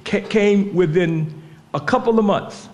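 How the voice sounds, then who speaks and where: Measured, slightly high-voiced man on a panel. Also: a little mellow. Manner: measured, slows down to stress quoted words. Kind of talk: panel talk, reading quotations aloud. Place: event hall in a memorial center.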